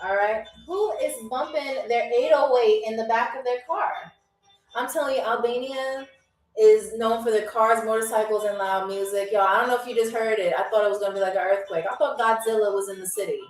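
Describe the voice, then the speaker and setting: A woman's voice: on the high side, fairly even intonation, fairly quick. A woman hosting a live trivia stream, chatting casually and teasing viewers as she reads their comments. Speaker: game show host on a livestream. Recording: roomy echo, distant from mic, faint music.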